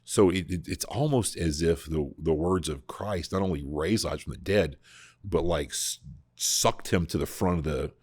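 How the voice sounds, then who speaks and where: A man hosting a podcast, explaining scripture in a casual, animated way, often restarting his sentences. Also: sits low, moderate pace, husky, dry recording, studio quality. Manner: animated, full of restarts and repeated words. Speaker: podcast host discussing scripture. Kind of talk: casual conversational Bible teaching.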